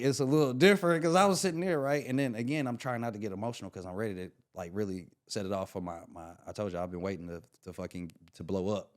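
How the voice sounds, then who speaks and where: A man, a comedian and podcast guest, telling stories in a casual, slangy way and acting out the quotes. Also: lowish voice. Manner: animated, slangy, acts out quotes. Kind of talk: casual storytelling chat.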